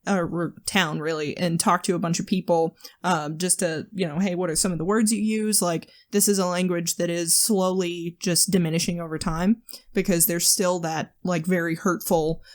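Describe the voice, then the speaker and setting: A woman's voice: on the low side, fairly even intonation, normal speed. A woman with a Southern US accent, co-hosting a podcast in casual chat, talking easily with lots of fillers and laughs. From American South. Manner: chatty, frequent "um" and "like", laughs easily. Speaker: podcast co-host.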